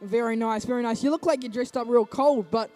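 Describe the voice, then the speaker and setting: A young man commentating a live robotics match, jokey and rambling with quick quips. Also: extremely high pitch, a little mellow, faint music behind. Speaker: event commentator.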